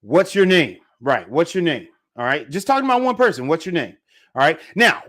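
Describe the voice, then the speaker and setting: A man teaching a live online language lesson, upbeat and talking straight to viewers in the chat, often saying "all right". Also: sits high. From Jamaica. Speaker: Spanish teacher.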